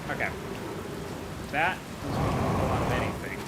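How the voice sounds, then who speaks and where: A man's voice: mid-range voice, normal speed. A man casually commenting as he plays a game on stream, chatty and jokey. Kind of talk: casual let's-play commentary. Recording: loud background noise.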